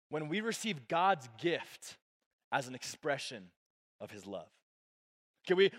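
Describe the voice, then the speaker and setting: A young man preaches to his church in a loose, conversational way, with fillers everywhere. His voice sits high for a man, and he swings from loud, excited stretches down to hushed, quiet moments. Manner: casual, filler-heavy preaching with lots of "like"; animated, swings between loud and soft. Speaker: pastor. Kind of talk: sermon.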